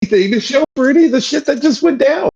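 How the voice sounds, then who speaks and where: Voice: high voice, expressive, fast, darkish tone. A player in a tabletop game, blunt and sarcastic with some swearing. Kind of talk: tabletop role-play chat. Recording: dull lo-fi mic.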